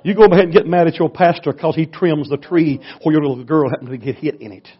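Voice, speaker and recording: A man, a pastor preaching a storytelling sermon in a folksy way, going from hushed to loud. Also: fairly high pitch, fast, breathy edge. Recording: dull lo-fi recording.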